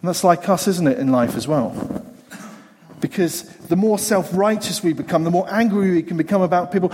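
A man's voice: high voice, fairly quick, a little mellow, breathy edge. A man preaching a sermon in a conversational way, repeating phrases for emphasis. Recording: long hall reverb.

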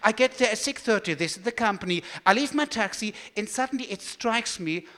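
German man, high voice, animated storyteller at a talk, large echoing hall. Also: brisk. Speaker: speaker giving a talk.

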